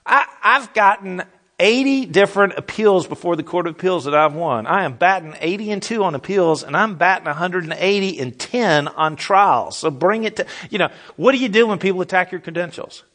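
A middle-aged man preaching a sermon as pastor, animated and repetitive, asking the audience questions. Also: high voice, brisk.

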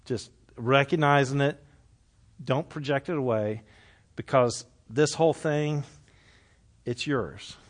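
A man leading a Bible study, preaching conversationally to a live group, joking and asking questions, then dropping soft and low for earnest points. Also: slow, long pauses. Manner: lively, jokes with and questions the group.

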